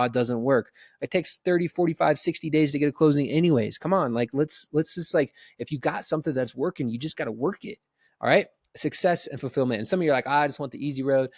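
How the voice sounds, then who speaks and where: A man in his thirties giving an energetic, conversational motivational business talk, often checking in with "right?". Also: mid-range voice, no echo, clean studio sound. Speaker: business coach.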